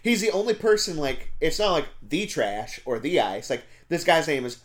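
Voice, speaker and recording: A man's voice: on the high side, very animated, normal speed. A man co-hosting a casual movie podcast, recapping the plot in a rambling way with many fillers. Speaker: podcast co-host.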